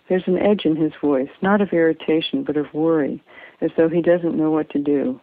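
A woman reading her own first-person story in a quiet, earnest, confessional way, on a tinny, dry recording. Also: sits low, fairly even intonation, moderate pace, no echo. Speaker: memoir reader. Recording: tinny phone-like dry sound.

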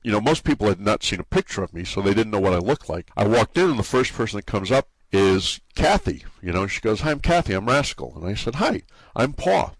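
A man with a New England drawl talks casually in an interview, tripping over his words and repeating himself as he goes. His voice sits a little low and is recorded dry and close to the mic, with no room sound. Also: lively intonation, slightly rough, no room sound. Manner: halting, many restarts and repeated words. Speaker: forum site owner being interviewed.

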